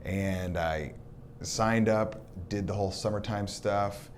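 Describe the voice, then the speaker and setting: A man's voice: sits low, moderate pace, noisy background. A man from Southern California, recounting his youth in an interview and acting out the dialogue as he tells it. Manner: lively storyteller who acts out quoted dialogue. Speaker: documentary subject. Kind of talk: reminiscing interview.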